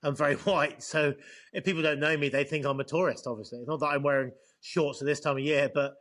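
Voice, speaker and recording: A man's voice: a little high, steady tone, fast talker, a bit bright. A man with an English accent in casual chat, often stumbling and repeating words as he talks. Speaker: co-host.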